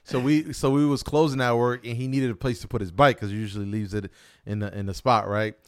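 A man hosting a casual podcast, telling stories in an animated, slangy way. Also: medium pitch, fast talker, no room sound. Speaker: podcast host. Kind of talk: casual podcast chat and storytelling.

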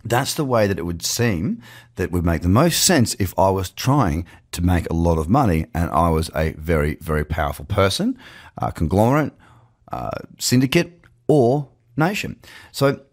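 Lively deep-voiced Australian man. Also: normal speed. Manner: chatty and animated, playful asides. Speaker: podcast host. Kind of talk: casual market commentary. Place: home office. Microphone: webcam setup.

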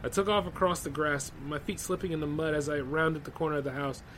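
Male podcast host, a bit high-pitched, reads horror tales and riffs between them in a loose, laid-back way. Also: steady tone, fast, fairly bright tone, a little hiss or hum, rough recording. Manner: loose, conversational asides full of 'like' and 'man'. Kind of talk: reading horror stories aloud with casual commentary.

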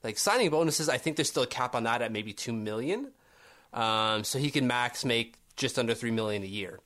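A man's voice: medium pitch, lively intonation, normal speed, fairly bright tone. A man co-hosting a casual sports podcast, chatty and argumentative, reading quotes aloud with plenty of ums and restarts. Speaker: podcast co-host.

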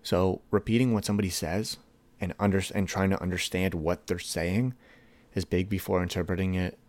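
A young man hosting his own podcast, talking casually in a rambling, animated way and acting out texts in a higher voice. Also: a little fast, no room sound. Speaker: podcast host. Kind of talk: casual solo podcast talk.

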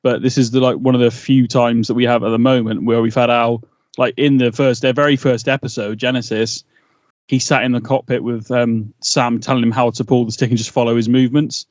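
A podcast co-host chats casually, rambling with plenty of fillers and restarts. His medium-pitched voice moves little in pitch and runs a little fast, captured in a dull, lo-fi, dry recording with no room sound.

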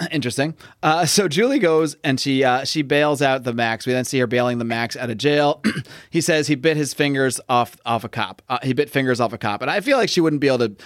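A man talks casually about a comic book. He rambles and restarts often in a mid-pitched voice. His voice is dry and close, with no room sound. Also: brisk, no echo. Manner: chatty, rambling, frequent fillers and restarts.

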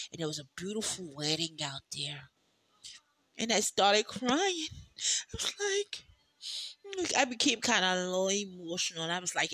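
Bright, chatty podcast host, dry sound. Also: mid-range voice, no room sound. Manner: loose, chatty storytelling with swearing and frequent laughs; talks in rambling asides with many "you know"s. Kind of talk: casual solo podcast chat.

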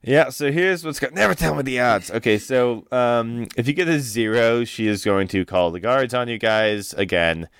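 A man's voice: mid-range voice, moderate pace, few pauses, clean tone, dry recording. A man narrating as game master of a tabletop game, hesitant with many ums and uhs.

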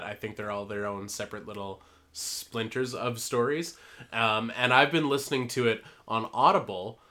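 A man's voice: medium pitch, sharp tone. A young man hosting a podcast, chatting casually and rambling with laughs. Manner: rambling, laughs often, fillers. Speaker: podcast host. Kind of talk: casual chat.

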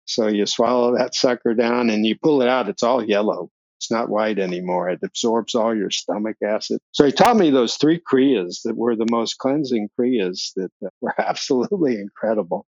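An older man sits as a guest and tells stories with relish, jumping into the voices of others and laughing along the way. His voice sits at a middle pitch. The recording is dry and a little dull. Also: normal speed, hardly any pauses, no echo. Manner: animated storyteller, acts out quoted voices, laughs often. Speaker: podcast guest. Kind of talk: storytelling in a casual interview.

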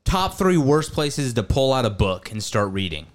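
A man's voice: mid-range voice, sing-song, normal speed. Joking young man riffing with friends. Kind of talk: casual chat.

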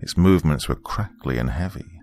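A man narrating a first-person horror story in a steady, grave way. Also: rumbling low, normal speed, faint music behind.

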